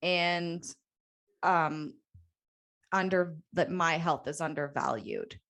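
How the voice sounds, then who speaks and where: A woman's voice: lowish voice, slow, a bit bright. A woman in her thirties co-hosting a podcast, talking earnestly and emphatically, with a touch of sarcasm. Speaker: podcast co-host. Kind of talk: casual chat.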